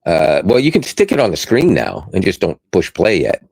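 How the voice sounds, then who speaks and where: A man co-hosting a podcast, chatting casually about tech, animated and self-deprecating, laughing often. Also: low-pitched, normal speed, creaky, slightly rough, no room sound, poor audio. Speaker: podcast co-host.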